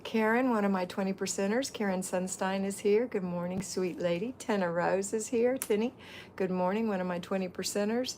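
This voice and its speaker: A woman's voice: medium pitch, normal speed, a little mellow, a little hiss or hum. A middle-aged woman hosting a casual livestream, chatting and greeting viewers by name as a home-organizing mentor.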